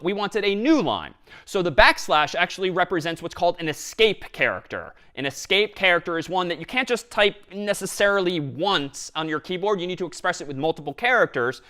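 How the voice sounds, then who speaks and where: A man giving a university programming lecture, explaining live code step by step in a lively, engaged way. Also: high voice.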